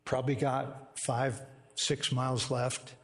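A man's voice: medium pitch, little pitch movement, slow pace, fairly bright tone, in a large hall. A man preaching a sermon, telling a personal story in a conversational way and closing in prayer. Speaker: pastor. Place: church sanctuary.

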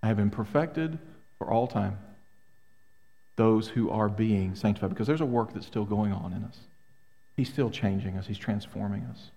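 In a mellow, lowish voice at normal speed, a middle-aged pastor gives a sermon in his church sanctuary. He is emphatic, leans on rhetorical questions, and the recording has a long hall reverb.

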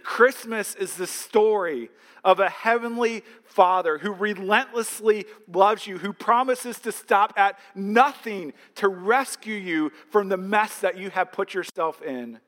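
High-voiced pastor preaching in a reverberant hall. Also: male voice, unhurried, fairly bright tone. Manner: storytelling, builds to earnest emphasis. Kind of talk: sermon.

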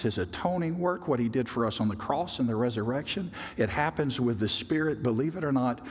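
A man preaching a sermon as a pastor, emphatic, swinging from loud bursts to quiet, drawn-out words. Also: medium pitch, expressive, husky. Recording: long reverb of a large hall.

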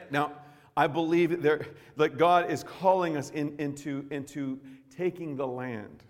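A male pastor preaching a fervent sermon, swinging between quiet, intimate passages and loud, impassioned pleading. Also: a little high, steady tone, a little slow, in a large hall.

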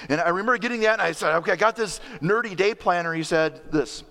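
A man preaching a sermon as pastor, earnest and excitable, with rising emphasis. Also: high voice, quick pace, vocal fry, few pauses. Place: church sanctuary. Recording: long church reverb.

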